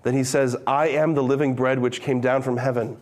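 A man preaching a conversational sermon. He reads scripture slowly and dramatically, then breaks into casual asides and quick questions to the listeners. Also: medium pitch, flat delivery, darkish tone.

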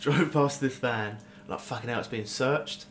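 A man's voice: mid-range voice, a little slow. A man chatting casually as a podcast co-host, telling a long, rambling, sweary story with laughs. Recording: echoey room with faint noise.

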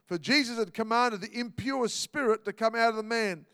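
A man preaching a sermon, animated and dramatic. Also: very high-pitched, normal speed, clean tone, dry recording, clean studio sound, long reverb tail. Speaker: pastor.

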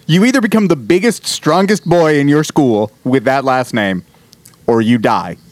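A man in his thirties co-hosting a podcast in casual chat, jokey and animated, laughing as he talks. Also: medium pitch, normal speed, dry recording. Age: 30s. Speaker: podcast co-host.

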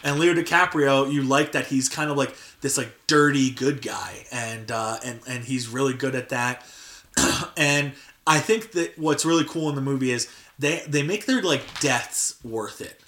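A man's voice: medium pitch, a little slow, fairly bright tone. A young man hosting a casual podcast, chatting loosely with lots of "like" and restarts. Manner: filler-heavy, frequent "like" and restarts. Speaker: podcast host. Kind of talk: casual chat.

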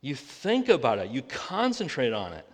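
A man's voice: medium pitch, wildly swooping pitch, normal speed. Male pastor, earnest sermon, rhetorical questions, long hall reverb.

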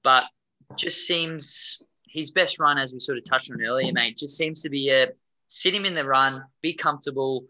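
A man's voice: medium pitch, moderate pace, bright, forceful tone, no echo, rough recording. A man with an Australian accent who co-hosts and gives blunt, opinionated racing tips in casual chat. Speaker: co-host giving racing tips.

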